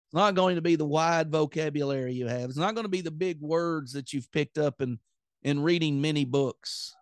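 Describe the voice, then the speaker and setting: A man's voice: a little high, moderate pace, clear, resonant tone, dry recording, studio quality. A man with a Southern accent preaching an earnest, plain-spoken sermon on his podcast.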